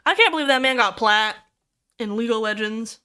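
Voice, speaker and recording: Bubbly high-voiced woman streamer. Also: a little fast, smooth. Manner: excitable, swears freely, squeals over cute things. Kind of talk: casual livestream chat with viewers.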